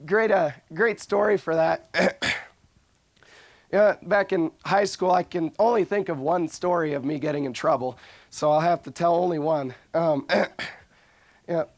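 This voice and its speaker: A man's voice: fairly high pitch, a little slow, dry recording. Earnest man with a dry close sound. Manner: earnest, frequent restarts and fillers. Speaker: religious speaker. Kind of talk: informal scripture talk.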